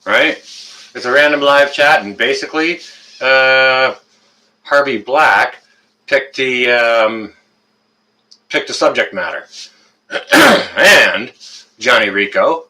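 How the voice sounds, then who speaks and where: Bright-voiced man hosting a casual live stream. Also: medium pitch, slow pace, long pauses, low-quality recording. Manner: rambling, greets chat viewers by name, frequent uh fillers.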